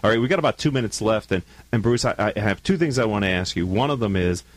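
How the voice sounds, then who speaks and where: A chatty male radio host with a low-pitched voice. He is recorded dry and close in the studio, keeping the talk casual and upbeat with quick jokes. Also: expressive, no room sound, low-quality recording. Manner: chatty, jokey, affirming.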